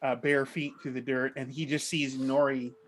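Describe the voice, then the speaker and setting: A man's voice: mid-range voice, flat delivery, moderate pace. A man at a tabletop game talks through what his character is doing. He rambles and hesitates, circling back with lots of ums and kind-ofs. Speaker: player.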